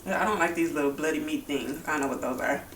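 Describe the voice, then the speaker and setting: A woman's voice: sits low, quick pace, far from the mic, very noisy. Heated, profane woman vlogger, echoey room. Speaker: mukbang vlogger. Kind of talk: angry opinion talk while eating.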